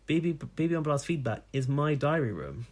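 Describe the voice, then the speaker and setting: A man's voice: fairly high pitch, lively intonation, moderate pace. A man voicing a snarky male listener's ranting email, read in a mocking, sarcastic tone. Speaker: podcast co-host.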